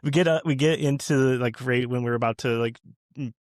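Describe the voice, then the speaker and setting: A man's voice: mid-range voice, fairly quick, dry recording, clean studio sound. A man telling a long personal story in a casual podcast chat, rambling with many fillers and restarts and laughing often. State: new father. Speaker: podcast guest.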